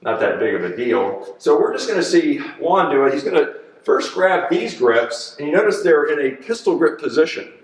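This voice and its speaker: Chatty gym trainer, roomy far-off sound. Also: male voice, on the high side, very animated, moderate pace. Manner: upbeat, chatty coaching, counts reps aloud. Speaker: personal trainer. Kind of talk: coaching an exercise demonstration. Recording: echoey gym, voice from off-mic.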